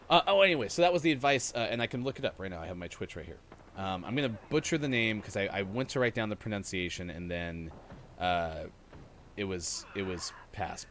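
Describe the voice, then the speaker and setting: A man's voice: low-pitched, fairly bright tone, slight background noise. A man hosting a live gaming stream, rambling in a chatty way, reading and answering chat with lots of fillers. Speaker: host.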